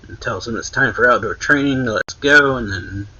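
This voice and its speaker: A man's voice: medium pitch, fairly quick, pushed and bright, breathy edge, highs cut off. A man casually recapping a manga chapter for a reaction channel, rambling along with lots of "like" and self-corrections. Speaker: anime reaction channel host.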